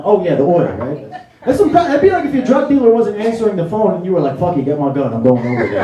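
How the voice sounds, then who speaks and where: A man's voice: mid-range voice, mellow. A young man from New City, doing a conversational stand-up set in a small comedy club, tagging lines with "you know?" and acting out quoted voices. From New York City. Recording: roomy club audio from a distance with audience laughter.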